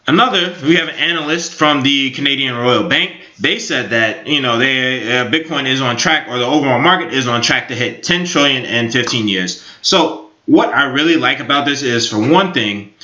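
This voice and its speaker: A man's voice: medium pitch, normal speed, hardly any pauses, bright, forceful tone. A man in his twenties giving rambling, upbeat casual commentary on crypto markets, full of fillers. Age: 20s. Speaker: crypto YouTuber. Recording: echoey room, dull lo-fi sound.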